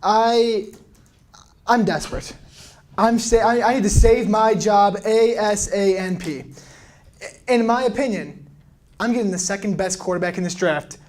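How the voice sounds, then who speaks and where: A young man running a casual mock draft chat, animated and jokey. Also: high-pitched, a little slow, pauses often.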